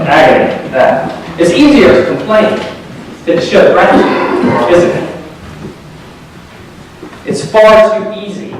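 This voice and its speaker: A man preaching a sermon at a community service, telling jokes as an animated storyteller. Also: on the high side, slight background noise. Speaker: pastor. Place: large hall at a community service. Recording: echoey hall, distant mic.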